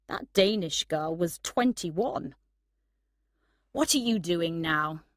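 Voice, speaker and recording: A woman's voice: lowish voice, a bit bright, dry recording, clean studio sound. A woman voicing a drunk young man's letter to a friend in a storybook reading.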